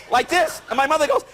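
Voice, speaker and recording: A man as a talk show guest, telling a comic story with exclamations and laughter. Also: extremely high pitch. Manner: animated, exclaiming and laughing through his story. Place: late-night TV studio. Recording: noisy broadcast audio.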